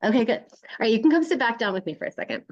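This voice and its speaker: A woman's voice: on the high side, animated, racing, darkish tone, lo-fi sound. A woman leading a group through a guided body exercise on a video call, coaching them and often laughing. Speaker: workshop leader.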